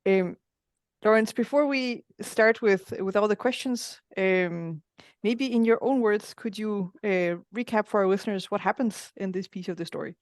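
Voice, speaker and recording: A woman's voice: mid-range voice, normal speed, no room sound, studio quality. A woman co-hosting a podcast, chatty and enthusiastic as she talks with her guest. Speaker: podcast co-host. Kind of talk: casual chat.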